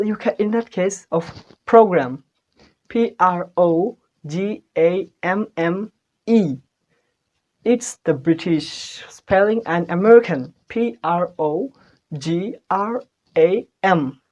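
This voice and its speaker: A man's voice: high voice, darkish tone. A man giving a casual spoken-English lesson in an informal, hesitant way, spelling out words letter by letter. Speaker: English tutor.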